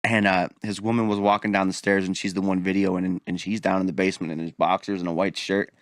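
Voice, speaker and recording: A man's voice: deep voice, quick pace, dry recording, studio quality. A man co-hosting a podcast in casual chat, telling crude stories with lots of laughter. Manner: animated, crude storyteller who laughs often. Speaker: podcast co-host.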